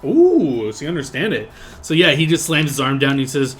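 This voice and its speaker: A man's voice: on the high side, very animated, fairly quick, slight background noise. A man narrating as game master in a casual, rambling way with lots of fillers.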